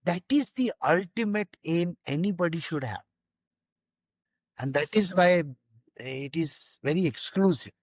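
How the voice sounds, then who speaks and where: A man's voice: a little high, expressive, unhurried, no echo, lo-fi sound. A man giving an informal spiritual teaching, conversational and full of rhetorical questions.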